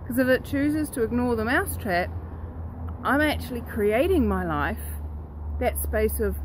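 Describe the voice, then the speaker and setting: A woman hosting her own self-help vlog, telling a story in a lively, earnest and direct way. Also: medium pitch, background noise. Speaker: host.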